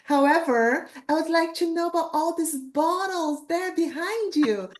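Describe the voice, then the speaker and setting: A woman hosting an online English class on a video call, Portuguese being her first language, with an excited, exclamatory manner. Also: extremely high pitch, a little slow. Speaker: host.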